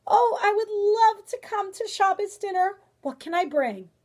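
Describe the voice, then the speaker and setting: A woman voicing a big lost male bear from a storybook, who booms out threats and then turns meek and sad. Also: big pitch swings, heavily acted. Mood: delighted. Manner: booming and slow when threatening, soft and sad when lost.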